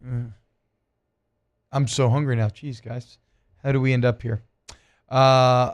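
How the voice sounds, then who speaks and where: A man hosting a casual sports radio talk show, chatting loosely and switching into hammy, drawn-out live ad reads. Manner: animated, hammy pitchman on ad reads.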